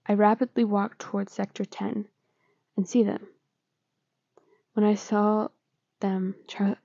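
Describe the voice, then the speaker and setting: A woman reading fan fiction aloud in a plain, unhurried way, with small slips. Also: medium pitch, creaky, dark tone, dry recording, muffled recording. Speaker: fanfiction reader.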